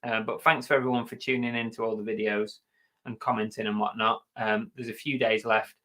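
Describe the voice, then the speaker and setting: Chatty British man with a bright tone. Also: fairly low pitch, flat delivery, brisk. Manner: chatty, jokey and self-mocking. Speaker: reseller live-streaming host. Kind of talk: casual live-stream chat.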